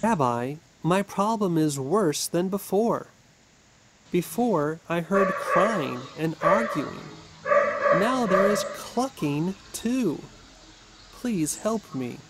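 A man reading a storybook, voicing a poor, desperate father of a crowded home who pleads slowly for help. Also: high voice, animated, background noise, pitched above the performer's own voice. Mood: pleading. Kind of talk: storybook reading for English learners.

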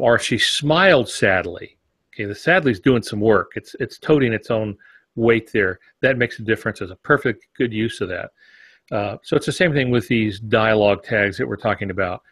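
An older man co-hosting a writing podcast, explaining points in a measured, plain-spoken way. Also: fairly low pitch, fairly bright tone, no echo. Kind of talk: instructive podcast discussion.

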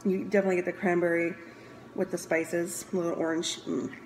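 Chatty woman with a gravelly edge. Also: fairly low pitch, flat delivery, fairly quick, a little mellow, a little hiss or hum, rough recording. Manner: chatty, enthusiastic, stops to sniff and muse aloud. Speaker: scent consultant reviewing products. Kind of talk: casual product review vlog.

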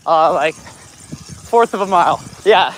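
A young man with a fairly high, slow voice livestreams himself running a marathon, speaking into a handheld phone camera outdoors on a hot city street. He's out of breath but brash and joking, filling the stream with hyped-up vlogger chatter.

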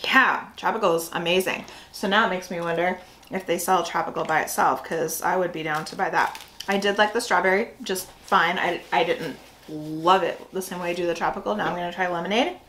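A woman's voice: fairly low pitch, a little fast, a bit bright, rough recording. A woman hosting a casual snack review, chatty and full of fillers as she thinks aloud. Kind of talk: casual food review chat.

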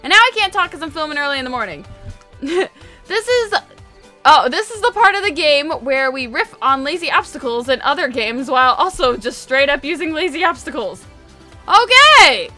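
Excitable high-voiced woman gaming. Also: moderate pace. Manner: excitable, chatty, reads game text aloud. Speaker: gaming video host. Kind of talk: casual game commentary. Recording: game music behind voice.

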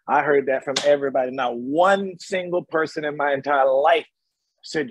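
A man's voice: fairly high pitch, a little fast, slightly rough, dry recording. A middle-aged man, guest on an interview over a video call, telling stories emphatically and repeating phrases. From North Carolina, USA. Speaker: guest actor. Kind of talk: casual interview storytelling.

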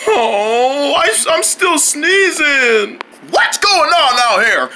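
One speaker voicing all the characters of a homemade cartoon and its channel promos, jumping between voices and shouting exclamations. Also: medium pitch, big pitch swings, a little slow, background noise.

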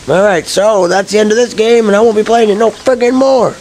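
A man's voice: high voice, fairly even intonation, fairly quick, few pauses, a little mellow, slight background noise, poor audio. A man commenting casually while playing a video game, frustrated and swearing a lot. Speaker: let's-play gamer.

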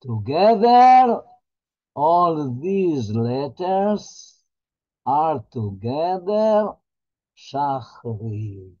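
Man, rabbi teaching a class, slightly high voice, very slow and halting delivery, lo-fi recording. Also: very animated, warm tone. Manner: halting, repeats words, earnest and heartfelt. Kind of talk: holiday Torah class.

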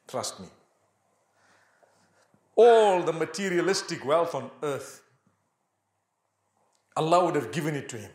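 A man's voice: a little high, animated, measured pace, long pauses, darkish tone. Preaching man with a roomy echo. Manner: rhetorical questions, recites Arabic verses in a chant. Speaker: Islamic preacher. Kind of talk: sermon.

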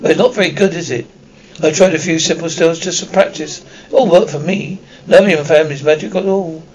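A man voicing a bossy, fast-talking schoolgirl witch in an audiobook reading, a little raised in pitch. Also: expressive, creaky, darkish tone, a little hiss or hum, poor audio.

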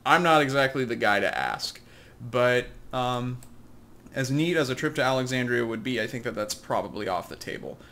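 A man's voice: mid-range voice, expressive, normal speed, a bit bright. A man giving casual, rambling commentary on his own gameplay, self-deprecating and chuckling at his own plans. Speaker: let's play host.

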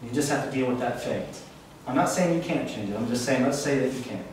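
An earnest man with a mid-range voice, lively intonation, and a fairly quick pace gives a live talk to an audience as a spiritual workshop speaker. His teaching tone is reflective, and the event room is echoey, picked up by a distant mic with faint hiss.

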